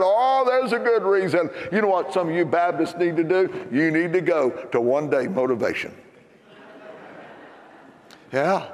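An older American man preaching a sermon in a church, telling a story with animated, emphatic punchlines. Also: fairly high pitch, normal speed, big-room sound. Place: church sanctuary.

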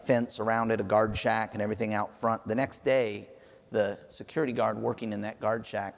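Gravelly preacher in a big hall. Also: male voice, fairly low pitch. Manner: earnest storytelling delivery. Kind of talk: sermon.

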